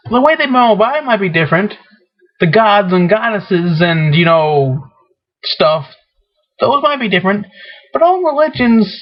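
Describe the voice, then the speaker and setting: A man talking in a rambling, hesitant opinion monologue, full of fillers and restarts. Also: very high-pitched. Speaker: vlogger. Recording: dull lo-fi webcam recording.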